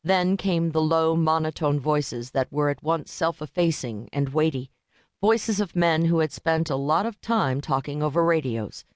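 A woman narrating a novel with a measured, steady reading. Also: low-pitched, no room sound. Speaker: audiobook narrator. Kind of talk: scripted narration. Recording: dry close studio audiobook.

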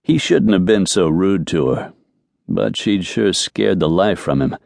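A man narrating an audiobook in a measured, even storytelling manner. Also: sits low, creaky, no echo, studio quality. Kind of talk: scripted narration.

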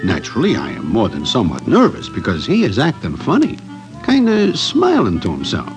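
A man's voice: on the low side, huge pitch swings, brisk, low-quality recording. An actor playing a nervous city guy who narrates in stiff formal phrasing without contractions, in a 1940s radio drama. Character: Broadway, a nervous wisecracking city guy, man. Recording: old radio recording with faint music.

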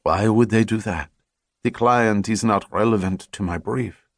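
A man voicing a cool, businesslike French woman spy with a thick French accent, speaking crisply and with finality. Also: on the low side, a little slow, no room sound, clean studio sound. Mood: cool, curt. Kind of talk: audiobook character voice.

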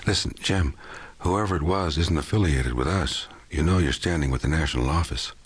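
A man voicing a gruff, businesslike man who asks quick, brisk questions on the phone. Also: extremely low pitch. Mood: brisk, concerned.

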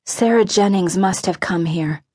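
A woman's voice: mid-range voice, normal speed, lightly acted. A woman voicing a brave, headstrong thirteen-year-old girl in an audiobook, speaking urgently and boldly. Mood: eager. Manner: urgent, bold. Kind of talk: audiobook character voice.

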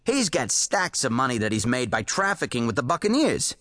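A man voicing an excitable, boastful male pulp writer who rambles eagerly in folksy slang. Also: medium pitch, a little fast, no echo, clean studio sound, voice pushed down. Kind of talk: audiobook character voice.

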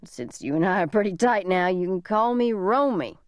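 A woman voicing a drunk, unhinged, suicidal large man who taunts in a slow, mocking drawl, in an audiobook reading. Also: medium pitch, expressive, no room sound, natural voice. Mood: taunting.

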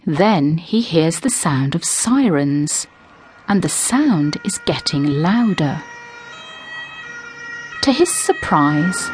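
Slow, expressive woman narrator. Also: on the low side, dry recording, studio quality. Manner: slow, clear, expressive reading. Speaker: audiobook narrator. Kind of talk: scripted narration for language learners.

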